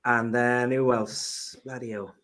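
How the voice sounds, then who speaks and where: A man's voice: mid-range voice, little pitch movement, takes it slowly, crowd noise. A man hosting a casual live stream chat, joking and laughing often. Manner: chatty, jokey, laughs often. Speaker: host of a live stream show. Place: at home.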